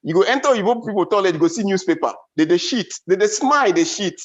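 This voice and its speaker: Nigerian Pidgin stand-up man, high voice, lively swoops, dull lo-fi event sound. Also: fast talker. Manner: animated storytelling, big pitch swings. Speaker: comedian. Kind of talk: stand-up comedy.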